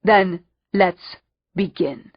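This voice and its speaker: An odd, machine-like villain who is only partly human, cold and commanding, as a woman narrator puts him on with a lowish pitch. He speaks in measured, bossy lines, heard on a dull, dry, lo-fi recording. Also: dry recording. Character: cold part-machine male villain overlord.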